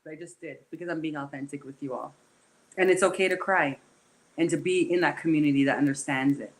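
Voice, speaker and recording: A woman's voice: sits low, fast talker. A woman hosting a group discussion and speaking emotionally and candidly, in bursts with restarts. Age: adult, a mother. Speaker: host.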